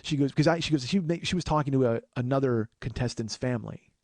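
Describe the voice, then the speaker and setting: A man's voice: medium pitch, fast talker, a little mellow, no room sound, clean studio sound. A man hosting a podcast, telling a long personal story in a rambling casual way, acting out what others said. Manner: rambling, with restarts and acted quotes of others. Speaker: podcast host.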